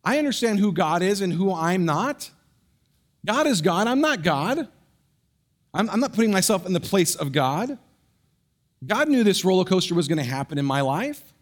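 A man's voice: high-pitched, big pitch swings, moderate pace, long pauses, pitched above the performer's own voice. A man voicing Joseph, a forgiving, humble biblical man, reassuring and earnest in a sermon retelling.

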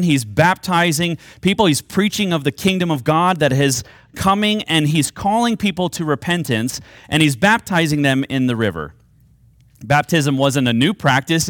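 A man's voice: fairly high pitch, fairly bright tone, dry recording, studio quality. Earnest, emphatic male preacher. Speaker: pastor. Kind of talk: sermon.

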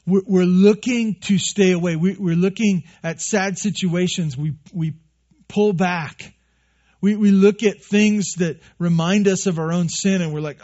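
An earnest male pastor delivering a sermon, often repeating phrases and voicing the people he addresses. His voice sits a bit high and sounds husky. The recording has a muffled, lo-fi quality. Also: normal speed, darkish tone. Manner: earnest, repeats phrases, acts out quoted listeners.

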